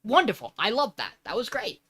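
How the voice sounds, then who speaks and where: A man's voice: high voice, wildly swooping pitch, fairly quick, sharp tone, breathy edge. A man hosting a podcast, casually recapping an episode and animatedly acting out quoted lines. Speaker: podcast host.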